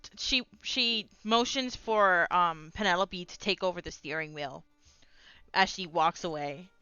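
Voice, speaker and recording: A woman's voice: fairly low pitch, measured pace, pushed and bright, clear, resonant tone, no echo, highs cut off. A woman playing a tabletop game, blunt and swearing in character. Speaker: player.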